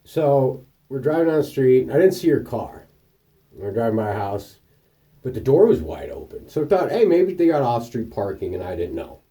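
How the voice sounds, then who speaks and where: A man's voice: medium pitch, normal speed, far from the mic. Profane, rambling man telling stories. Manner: profane, rambling anecdotes with animated quoted voices. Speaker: vlogger. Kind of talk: casual storytelling monologue.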